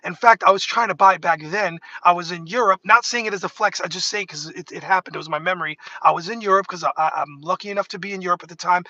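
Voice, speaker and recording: Animated, high, bright-voiced man chatting. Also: quick pace, few pauses, no room sound, highs cut off. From New York State. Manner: rambling, animated, self-interrupting. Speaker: livestream host. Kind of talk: casual talk to camera.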